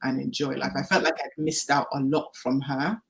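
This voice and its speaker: A woman's voice: a bass voice, moderate pace, vocal fry, a crowd in the background. Candid woman sharing her life story. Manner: candid and animated, acts out quoted dialogue. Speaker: guest. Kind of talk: personal testimony in a podcast interview.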